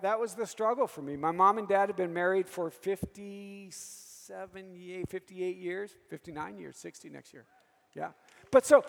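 High-voiced gravelly priest preaching. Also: male voice, big-room sound. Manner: storytelling, calls for "Amen?" from the audience. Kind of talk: sermon with personal stories.

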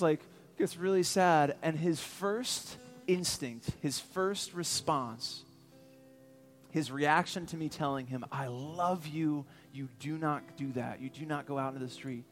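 High-voiced man preaching with earnest animation. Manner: earnest and animated, calls out to the congregation. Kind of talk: sermon with a personal story. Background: faint music.

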